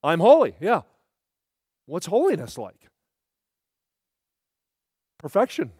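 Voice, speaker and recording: A male preacher delivering a sermon in a folksy, animated way, his emphasis climbing as he makes each point. His voice sits a little high for a man and sounds dry and close, with little room around it. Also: takes it slowly, husky, no room sound.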